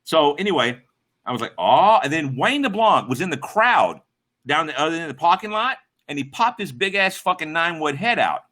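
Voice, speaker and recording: A middle-aged man with a bright, slightly high voice tells rambling, profane stories on a livestream. His pitch jumps around a lot as he acts out the people in his stories. He talks casually to viewers in the chat. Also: very animated, fairly quick. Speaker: livestream host. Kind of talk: casual storytelling to a live chat.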